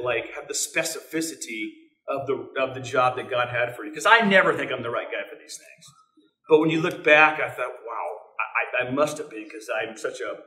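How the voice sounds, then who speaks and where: Middle-aged guy telling stories at church, bright voice, kinda far off the mic in a roomy hall. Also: mid-range voice. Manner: conversational, halting, with many restarts and fillers. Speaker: teacher sharing a testimony. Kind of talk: personal storytelling at church. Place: church sanctuary.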